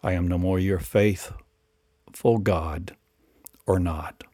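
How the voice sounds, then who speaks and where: A man's voice: sits low, fairly even intonation, slow, warm tone, dry recording, studio quality. A man delivering a rambling spiritual monologue in incantatory, repetitive declarations and rhetorical questions.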